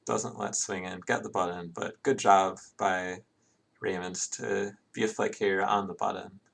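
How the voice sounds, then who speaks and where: A man's voice: low-pitched, steady tone, measured pace, creaky, fairly bright tone. A man doing live play-by-play commentary on an online game, chatting casually between plays. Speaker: esports commentator.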